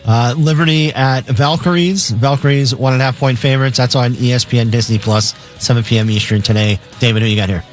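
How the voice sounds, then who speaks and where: A man's voice: medium pitch, a little fast, few pauses, soft background music. Guy on sports radio reading the odds, plain middle voice, kinda hesitant. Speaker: sports radio co-host reading betting lines. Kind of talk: reading game lines on radio.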